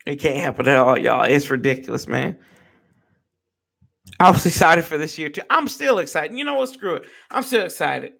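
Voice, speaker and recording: A man's voice: on the high side, animated, normal speed, creaky, a bit bright, slightly rough. A man hosting a sports fan show, ranting with fired-up, profane energy and talking to viewers as y'all. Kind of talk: live-stream rant.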